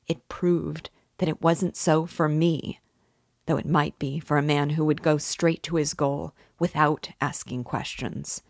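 A woman's voice: low voice, no echo, clean studio sound. A woman reading the part of a feverish, tormented young man in an intense confessional monologue, as an audiobook reading.

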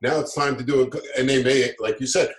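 A middle-aged man talks in an upbeat, motivational tone, pausing on fillers and restarting phrases as he works through a point. His voice sits in a middle pitch and carries a noticeable roomy echo. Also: steady tone. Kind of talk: motivational conversation.

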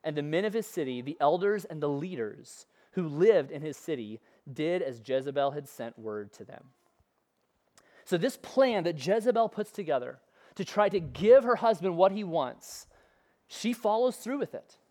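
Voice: medium pitch, sing-song, normal speed, darkish tone. A preacher giving a conversational sermon, retelling a scripture story with playful asides.

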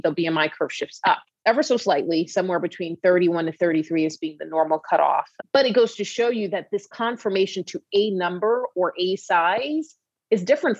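A woman physician on a talk show, telling a patient story in an animated, conversational way with many asides. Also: lowish voice, husky, no echo, dull audio. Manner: animated storyteller, frequent "you know" asides. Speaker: obesity medicine physician guest.

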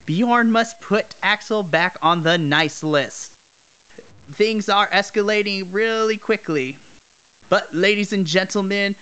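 A man's voice: high-pitched, fairly bright tone, clear, resonant tone. A man voicing a male wrestling commentator with hyped broadcast patter.

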